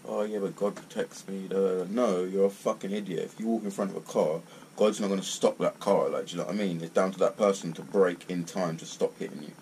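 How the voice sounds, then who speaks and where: A man rants bluntly straight to camera, swearing freely. His voice sits extremely low. A faint hiss runs underneath. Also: vocal fry, a little mellow, poor audio. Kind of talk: casual rant to camera.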